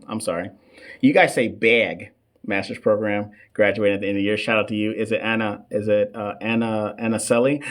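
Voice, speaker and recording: A man, running a casual live-stream teaching session for nursing students and reading shout-outs from the chat. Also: lowish voice. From United States. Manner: chatty, reads chat shout-outs, stumbles over long terms. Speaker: nurse coach hosting a live question session. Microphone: desk microphone.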